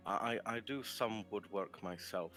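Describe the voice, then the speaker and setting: A man's voice: lowish voice, measured pace, pushed and bright, soft background music. A man voicing a minotaur warrior in a tabletop game, apologizing and making small talk politely, with many hesitant ums and uhs. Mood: apologetic. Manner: overly polite, hesitant, full of filler words.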